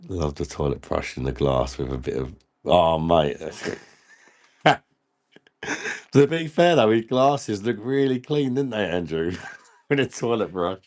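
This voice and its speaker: A man's voice: deep voice, big pitch swings, slow pace, pauses often, a little mellow. A man hosting a casual live stream, laughing often and bantering with viewers in the chat while he drinks.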